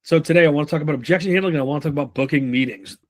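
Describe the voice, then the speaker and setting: A man leading a live sales training session in a casual, profane way, often acting out quick lines from buyers and reps. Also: on the high side. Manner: casual, swears freely, acts out buyer and rep lines.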